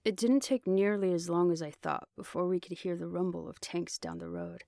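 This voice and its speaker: A woman reads a first-person novel aloud in a low, gravelly voice. Her storytelling is even and steady. The recording is close and dry with no room sound. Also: moderate pace, dry recording. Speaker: audiobook narrator. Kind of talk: first-person fiction reading.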